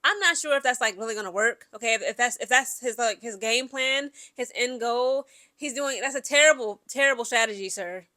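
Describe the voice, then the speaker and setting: A woman with a high, bright, sharp voice talks through sports gossip in a casual vlog. She is opinionated and emphatic, speaks straight to her viewers, and keeps checking in with "okay?". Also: fairly quick. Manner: chatty, keeps asking "okay?" and addresses viewers directly. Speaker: sports commentary vlogger.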